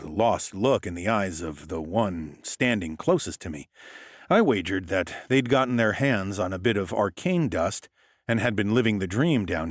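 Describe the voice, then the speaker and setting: A man's voice: deep voice, no room sound, studio quality. A man narrating a first-person audiobook with a wry, hardboiled delivery.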